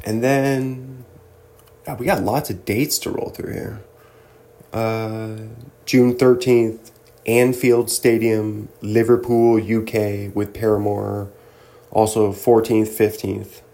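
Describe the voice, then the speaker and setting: A man's voice: on the low side, little pitch movement, takes it slowly, creaky, warm tone. A young man hosting a casual solo commentary, joking and laughing often as he reads through a list. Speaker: host.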